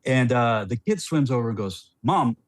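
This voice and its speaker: A middle-aged man, a former player as podcast guest, telling a story in a rambling, animated way with many restarts. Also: medium pitch, normal speed, no echo.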